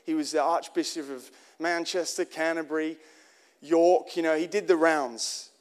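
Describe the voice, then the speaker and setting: High-voiced earnest preacher. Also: male voice, steady tone, normal speed. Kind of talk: sermon.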